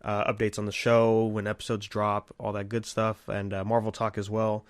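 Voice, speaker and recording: A man co-hosting a casual podcast, talking in a relaxed, rambling way with lots of fillers. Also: on the low side, normal speed, clean tone, no room sound, studio quality. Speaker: podcast co-host.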